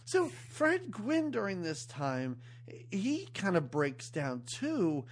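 Podcast co-host, woman, lively pitch, jokey casual recap. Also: slow pace, husky. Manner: jokey, laughs often, slips into silly voices. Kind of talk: casual movie recap chat.

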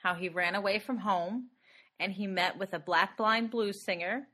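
A woman talks through a film with her co-host in relaxed podcast chat. Her voice is bright and ringing, and she laughs easily as she tells it. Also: mid-range voice, moderate pace. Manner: animated, laughs often while recapping. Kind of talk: casual chat about a movie.

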